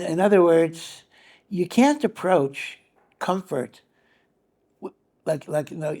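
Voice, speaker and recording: A man, a rabbi, giving a conversational Torah lecture, animated and fond of repeating phrases for emphasis. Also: fairly high pitch. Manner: animated, repeats phrases, acts out quoted voices.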